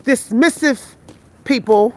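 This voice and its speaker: Her voice is a little high with a darkish tone, and she takes her time. The woman, in her forties, is live-vlogging a night walk outside on her phone, weary and out of breath, talking to viewers bluntly and with swearing.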